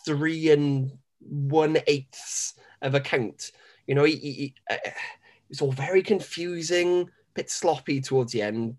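A man co-hosting a podcast, chatting casually with a rambling, enthusiastic manner and frequent laughter. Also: fairly high pitch. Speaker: podcast co-host. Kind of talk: casual chat.

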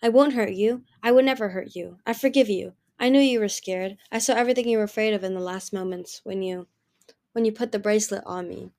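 A woman's voice: mid-range voice, fairly quick, darkish tone, lightly acted. A woman voicing a lonely, grieving male dragon who pleads and turns bitter, in an audiobook reading. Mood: pleading. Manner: pleading, raised and emotional.

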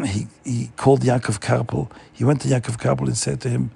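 A man telling a Jewish folk story in an animated way, repeating words for emphasis. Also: mid-range voice, a little fast, vocal fry, slightly rough.

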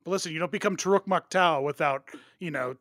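A man's voice: fairly high pitch, fast talker, a bit bright, dry recording, clean studio sound. A man co-hosting a podcast, chatting loosely and jokingly about a film. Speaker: podcast co-host. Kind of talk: casual film discussion.

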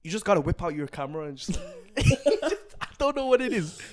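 Young guy, slangy animated storytelling, voice jumps all over, kinda high. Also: normal speed. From Manchester, England. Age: young adult. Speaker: podcast host. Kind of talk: casual chat.

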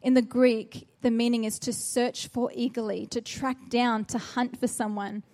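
Woman preacher with a soft, mellow voice. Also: on the high side, fairly even intonation, normal speed. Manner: earnest, exhorting with rhetorical questions. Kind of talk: sermon.

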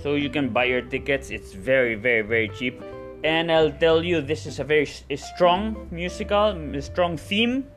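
A man's voice: fairly high pitch, normal speed, a bit bright, faint music behind. A man, a stage actor, chatting casually to his viewers, often repeating words and ending phrases with a questioning "yeah?". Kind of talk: casual vlog chat.

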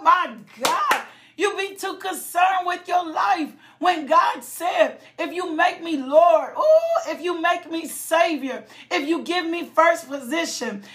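A woman with a high voice preaching a passionate sermon. She shouts, breaks into sudden high cries and call-outs, and doubles back over her words as the feeling builds. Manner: halting, repeating phrases. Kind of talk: impassioned sermon.

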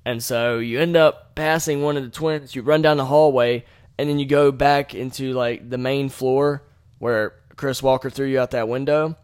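A man's voice: medium pitch, smooth. A man hosting a podcast, recapping a video game in a casual, rambling way, full of swearing and loose slang. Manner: acts out his own exclamations with sudden loud shouts. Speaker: podcast host.

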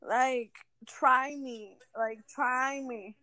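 A woman's voice: high voice, steady tone, extremely slow, pushed and bright, no echo. A woman co-hosting a podcast in casual chat, emphatic, with lots of fillers and swearing. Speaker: podcast co-host.

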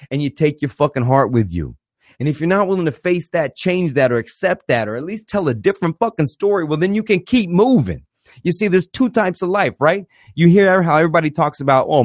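A man's voice: medium pitch, no echo, studio quality. Blunt, swearing podcast host man. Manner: blunt, swears constantly, mocks therapist clichés; fervent and emphatic, swings loud and quiet. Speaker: podcast host giving counsel. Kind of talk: blunt profanity-laden monologue.

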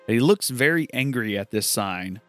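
A man's voice: medium pitch, animated, moderate pace, soft background music. Chatty man commenting on a video game. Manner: chatty, enthusiastic, retells dialogue. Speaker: gameplay commentator. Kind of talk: casual let's-play commentary.

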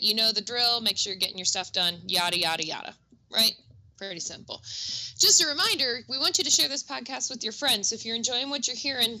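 A woman's voice: on the high side, bright, forceful tone, poor audio. A middle-aged woman co-hosting a music teaching podcast, chatty and upbeat with self-deprecating asides. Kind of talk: casual educational podcast chat.

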